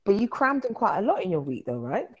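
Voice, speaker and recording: A woman's voice: mid-range voice, sing-song, fast talker, darkish tone, slightly rough, highs cut off. A woman hosting a casual podcast chat, reacting and asking follow-up questions. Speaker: podcast host.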